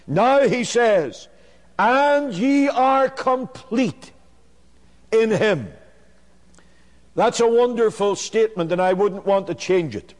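A man preaching a sermon in a measured, emphatic way, building on repeated phrases. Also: high voice, lively intonation, a little mellow, big-room sound.

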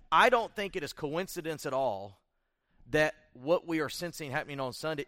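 Earnest pastor leading prayer. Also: male voice, a little high, a bit bright, no echo, clean studio sound. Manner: earnest, conversational preaching with some restarts. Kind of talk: church prayer meeting address.

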